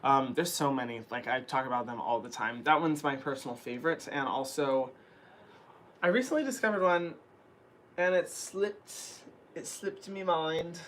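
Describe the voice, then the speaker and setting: A man's voice: mid-range voice, lively intonation, normal speed, a bit bright, a little hiss or hum. A young man hosting a skin care channel, answering viewer questions in a chatty, casual way full of "um" and "like", with an early morning voice. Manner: chatty, frequent fillers like "um" and "like". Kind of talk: casual chat.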